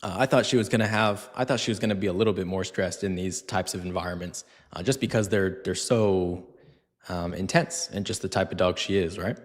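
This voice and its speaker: A man's voice: low voice, a little fast. Casual male dog trainer, echoey hall. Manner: casual, chatty, lots of fillers, acts out scenes in funny voices. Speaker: dog trainer answering viewer questions. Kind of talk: live Q&A stream, casual talk.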